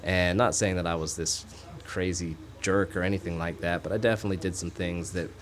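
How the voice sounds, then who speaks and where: A man's voice: low-pitched, steady tone, a little fast. A man talking as a guest on an online talk radio show, earnest and rambling, laughing easily. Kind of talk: casual interview talk.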